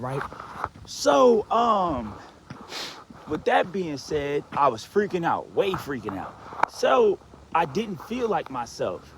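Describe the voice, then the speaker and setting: A man rambling through a personal story with a lively voice that leaps around. His pitch sits a bit high for a man, and he swings from low mutters to excited bursts. A faint background noise runs under him. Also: measured pace. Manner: rambling, frequent "you know what I'm saying" and "right?" fillers. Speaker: vlogger telling a personal story. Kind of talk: casual storytelling monologue.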